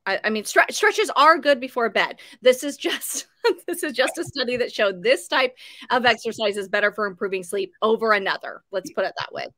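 A woman's voice: fairly high pitch, animated, moderate pace, fairly bright tone, dry recording. A woman co-hosting a live show, chatty and encouraging as she quizzes viewers. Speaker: health segment co-host. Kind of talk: casual live-stream chat.

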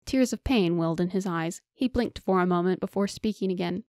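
A woman narrating a fantasy audiobook with steady storytelling on a close mic. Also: on the low side, a little fast, no room sound. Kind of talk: scripted narration.

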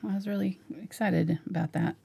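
Husky, mellow woman painting and chatting. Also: mid-range voice, a little fast. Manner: relaxed, chatty, talks softly while painting. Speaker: painting instructor. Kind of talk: live painting tutorial chat.

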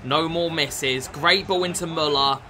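A young man giving football video game commentary, swearing often and shouting at the game. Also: on the high side, unhurried. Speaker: gaming YouTuber.

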